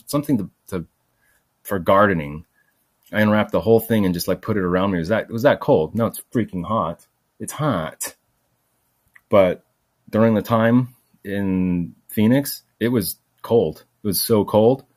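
Man, casual storytelling monologue, meandering, quick chuckles, lower voice, dry sound. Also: darkish tone, dry recording. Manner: casual, meandering, many fillers, chuckles often; acts out quoted voices. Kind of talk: rambling personal storytelling monologue.

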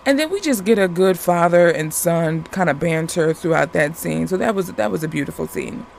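A man's voice: a little high, animated, normal speed, creaky, a little hiss or hum. A man casually recapping a TV episode, rambling with lots of fillers and restarts.

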